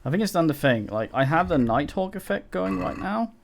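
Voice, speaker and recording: A man's voice: on the high side, sing-song, fairly quick, vocal fry. A male streamer giving casual live commentary while he plays, rambling and swearing, with frequent restarts. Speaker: game streamer.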